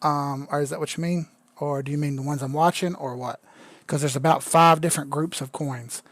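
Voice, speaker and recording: A man's voice: a little high, steady tone, brisk, a bit bright, no echo. A young man, a bit drunk, doing casual crypto chart commentary on a live stream, loose, joking and profane. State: tipsy.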